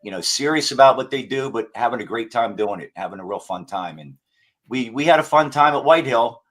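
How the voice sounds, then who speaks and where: A man's voice: medium pitch, expressive, fairly quick, a bit bright. A man talking casually as a podcast guest, rambling with many fillers and restarts. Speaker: guest paranormal investigator.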